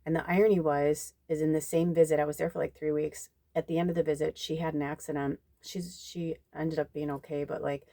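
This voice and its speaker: A woman's voice: low voice, brisk, hardly any pauses, no echo. A young woman, a psychic medium, telling a personal story to her viewers in casual talk, emotional and near tears, swearing freely. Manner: emotional storytelling, swears freely, quotes others in lively voices. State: tearful, near crying. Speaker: psychic medium giving a tarot reading. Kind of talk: casual spoken reading to viewers.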